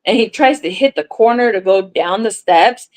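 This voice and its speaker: A woman chatting on a crochet livestream, telling a story in a lively way, acting out what people said and swearing now and then. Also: medium pitch, normal speed, low-quality recording. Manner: animated storyteller, acts out dialogue, swears casually. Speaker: crochet content creator on a livestream. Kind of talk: casual livestream chat, storytelling.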